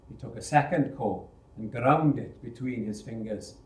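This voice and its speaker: A man reading a novel adaptation aloud in a measured, unhurried way, recorded in a roomy space. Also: medium pitch, darkish tone. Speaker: storyteller. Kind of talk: audiobook reading. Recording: roomy echo.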